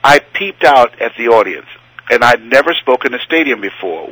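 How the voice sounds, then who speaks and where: A man's voice: medium pitch, big pitch swings, normal speed, sharp tone, low-quality recording. A male motivational speaker telling a story in conversation, acting out scenes and voices and laughing often.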